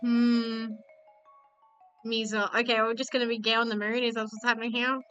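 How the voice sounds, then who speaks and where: A woman's voice: a little high, little pitch movement, normal speed, a bit bright, lo-fi sound, soft background music. A woman streaming a card game, chatting casually, swearing freely and making fun of herself. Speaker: VTuber streamer.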